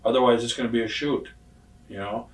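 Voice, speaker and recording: An older man in his sixties tells stories in a casual interview, blunt and profane, and acts out the other people's lines as he goes. His voice sits at an ordinary mid pitch. The room sounds roomy and the mic is set some way off from him. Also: fairly even intonation, a little fast, recorded from a distance. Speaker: retired pro wrestler telling stories. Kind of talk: casual shoot interview storytelling.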